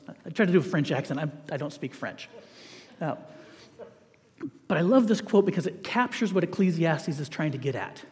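High-voiced man preaching in a reverberant hall. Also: a little fast. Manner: lively and joking, acts out voices in asides. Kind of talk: sermon.

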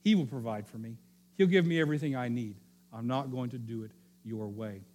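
A man voicing Jesus as a calm, trusting grown man who refuses temptation quietly and firmly in a sermon. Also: medium pitch, fairly quick, natural voice.

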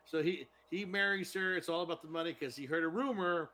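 A man's voice: on the high side, a little fast, sharp tone. A man in casual podcast chat, rambling and cursing as he retells a TV episode. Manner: rambling, profane, laughs while retelling. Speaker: podcast co-host.

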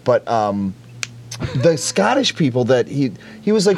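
A man's voice: medium pitch, big pitch swings, measured pace, a little mellow, slight background noise. A man guest on a podcast in casual chat, enthusiastic and self-mocking. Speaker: podcast guest, shop owner.

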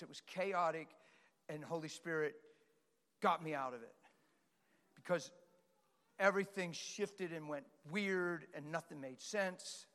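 A middle-aged male pastor preaching with passion, swinging between shouts and quiet, earnest talk. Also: fairly high pitch. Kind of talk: sermon. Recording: long hall reverb.

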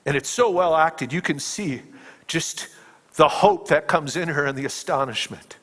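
Male preacher, slightly high voice, dramatic sermon storytelling, long hall reverb. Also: moderate pace. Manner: dramatic storytelling, dropping to hushed tones and rising to emphatic peaks. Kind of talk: sermon retelling a film scene.

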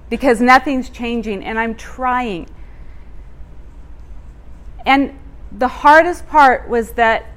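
A woman telling a personal testimony in a sermon, animated and expressive, laughing as she tells it. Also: a little high. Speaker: church speaker.

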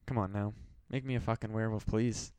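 A man's voice: lowish voice, a little mellow, clean tone, no room sound. A man hosting a solo podcast, rambling and swearing with mock-desperate pleading. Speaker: podcast host. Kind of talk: casual solo podcast rant.

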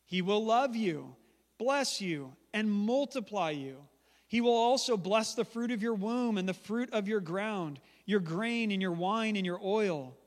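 A male pastor preaching a sermon in a church, conversational and emphatic with humorous asides. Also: sits high. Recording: long church hall reverb.

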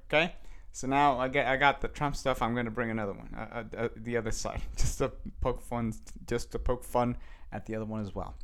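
Guy doing a chill solo podcast, reads headlines and rambles, keeps restarting his sentences. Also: mid-range voice. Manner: rambling, self-correcting, chuckles between thoughts; reads headlines aloud and riffs on them. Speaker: podcast host. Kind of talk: casual solo podcast chat.

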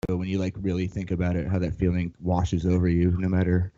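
Laid-back podcast guy, lowish voice, kinda dull lo-fi sound. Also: monotone, a little fast, warm tone, no echo. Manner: easygoing, laughs along. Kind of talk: casual chat.

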